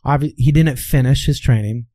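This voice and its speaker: A man's voice: mid-range voice, normal speed, mellow, no echo. A man from Kansas, working as a voice coach, talking through stories in an interview and often checking in with "all right". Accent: Midwestern American, softened. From Kansas, USA. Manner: explains with anecdotes, says "all right" often. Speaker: voice coach guest. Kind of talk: conversational interview.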